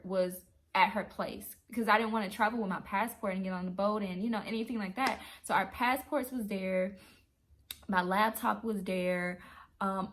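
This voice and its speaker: A woman telling a true travel story in a casual, animated way, acting out her own reactions. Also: mid-range voice, creaky. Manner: animated, excitable retelling. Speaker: travel vlogger.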